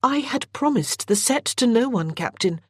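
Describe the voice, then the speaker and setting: A narrator voicing a sharp, spirited young lady. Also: mid-range voice, lively intonation, moderate pace, no echo, studio quality, pitched above the performer's own voice. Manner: sharp, crisp and reproving.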